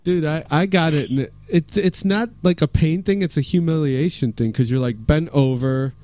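Podcast host guy, warm dark tone, bawdy jokey chat. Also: on the high side, moderate pace. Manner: bawdy, joking, laughs at his own jokes. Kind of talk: crude joking chat.

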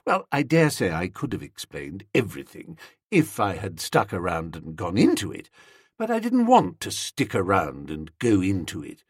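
Male audiobook narrator, husky and very animated, dry close-miked sound, expressive comic storytelling. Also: sits low, normal speed, no room sound. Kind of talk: first-person comic novel reading.

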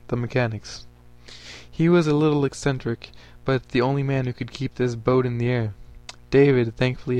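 A man narrating a story aloud for a podcast. His voice sits at an ordinary middle pitch, and his reading stays steady and even.

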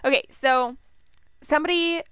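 A woman's voice: high-pitched, moderate pace, fairly bright tone, no room sound. A young woman with a Minnesotan accent, co-hosting a podcast in a chatty, rambling way. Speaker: podcast co-host. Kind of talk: casual chat.

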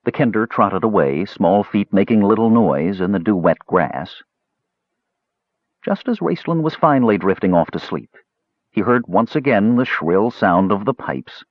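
A man reading a fantasy audiobook with a low, husky voice that rises and falls widely. The recording is dry and dull, with lo-fi muffle. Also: expressive, a little slow, no echo. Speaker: audiobook narrator. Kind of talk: storybook narration.

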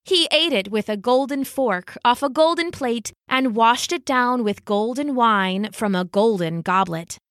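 A woman reading a children's storybook aloud in an expressive, unhurried way. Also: fairly high pitch, no echo, studio quality. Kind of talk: storybook read-aloud narration.

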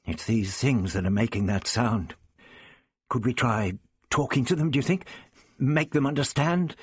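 A man's voice: mid-range voice, moderate pace, breathy edge, no echo, close to an everyday voice. Guy reading a stubborn young captive, grumbly and bitter, dry sound. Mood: wary. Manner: sullen, bitter.

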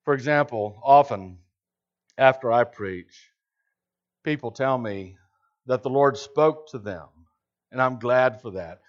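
A male pastor delivers a sermon with plenty of emphasis and rhetorical questions, his pitch swinging widely from phrase to phrase. The recording sounds a little dull and lo-fi. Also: animated, slow pace, pauses often.

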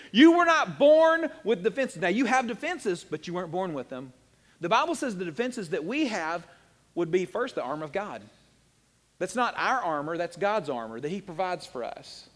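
A pastor preaching a lively, joking sermon and acting out little voices. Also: male voice, high voice, long reverb tail. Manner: animated, jokey, acts out little voices.

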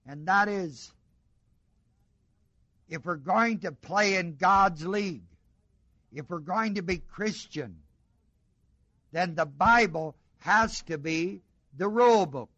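A middle-aged male preacher with a high, bright, ringing voice delivers a sermon at an unhurried pace. He throws questions out to the congregation and hammers key words through repetition. The sound is dry and close, with no room echo. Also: highs cut off. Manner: call-and-response questions to the congregation, emphatic repetition.

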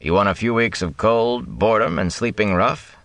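A man reading an audiobook, voicing a stern, firm middle-aged farmer father who speaks in a measured way. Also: on the low side, a bit bright, dry recording, pitched above the performer's own voice. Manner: measured, deliberate, brooks no argument. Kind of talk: audiobook character voice.

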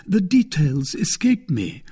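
A suave poet-musketeer, voiced by a male reader, speaking with measured self-assurance. His husky voice lifts and falls expressively and never hurries. He sounds like a character from a read-aloud historical adventure. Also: fairly high pitch, wildly swooping pitch, mellow, pitched above the performer's own voice, exaggerated voice. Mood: confident. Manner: smooth, measured and self-confident.

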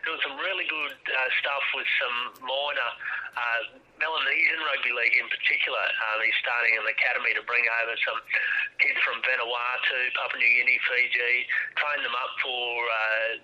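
A man with a Queensland Australian accent, calling in as a guest sports radio presenter, relaxed and full of ums and uhs. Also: mid-range voice, moderate pace. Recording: tinny phone line.

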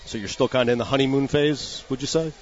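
Animated middle-aged radio host man. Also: medium pitch, fast, lo-fi sound, slight background noise. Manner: animated storyteller with frequent restarts. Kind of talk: casual sports radio chat.

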